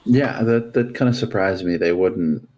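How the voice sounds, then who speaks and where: A man with a very low, deep voice talks in a relaxed, joking way on a gaming podcast. He sounds a little sleepy and drowsy. He often slips into mock voices to act out other players. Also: a little slow. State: sleepy, yawning. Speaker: podcast co-host. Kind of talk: casual gaming chat.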